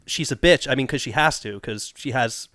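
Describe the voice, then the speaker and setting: A man trading quick wisecracks in a casual podcast chat. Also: mid-range voice, sharp tone, no room sound. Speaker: podcast co-host.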